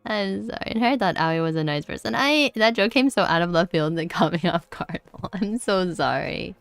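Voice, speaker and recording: A woman's voice: fairly low pitch, expressive, moderate pace, creaky, no room sound. Giggly, apologetic woman streamer. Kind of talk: casual gaming livestream chat. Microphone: close desk mic.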